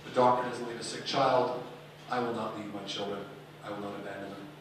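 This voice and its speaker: A man voicing a gentle older doctor who speaks earnestly and soothingly to children. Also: fairly low pitch, fairly even intonation, a little fast, slight background noise, voice pushed down, lightly acted. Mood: resolute. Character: gentle older male doctor caring for orphans. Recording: echoey hall, speaker far from mic.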